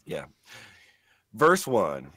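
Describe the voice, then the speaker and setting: Brief: slow-talking guy with a lively voice, dry close recording, comic podcast host. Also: fairly low pitch, no echo. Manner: halting, many "uh"s, slow chant-like reading. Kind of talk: comedic reading of found lyrics.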